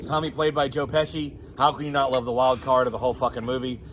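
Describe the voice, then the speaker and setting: A man's voice: mid-range voice, little pitch movement, fast, noisy background. A man with a Southern US accent co-hosting a casual movie chat, rambling and profane, laughing often. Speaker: co-host.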